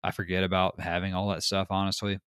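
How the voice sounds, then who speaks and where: Podcast host guy telling stories, laughs a lot, kinda low voice, dry mic. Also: fast, smooth, no room sound. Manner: animated storyteller, laughs often, swears casually. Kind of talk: casual chat.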